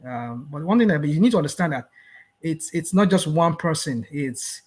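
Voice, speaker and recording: A man's voice: on the high side, lively intonation, darkish tone, slightly rough. Hesitant older man. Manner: hesitant, many fillers and restarts, measured. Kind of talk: heated live panel debate.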